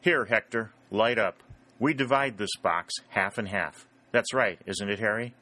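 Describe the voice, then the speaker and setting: A man's voice: fairly low pitch, measured pace, sharp tone, no echo. A man reading the lines of a grave, courtly old colonel in an audiobook.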